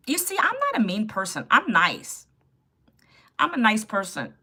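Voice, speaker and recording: A woman's voice: on the high side, very animated, moderate pace, long pauses, bright, forceful tone, husky. A woman in her fifties hosting a casual live stream, chatty and sassy as she greets viewers by name and answers the chat. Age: 50s. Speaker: livestream host. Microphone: phone.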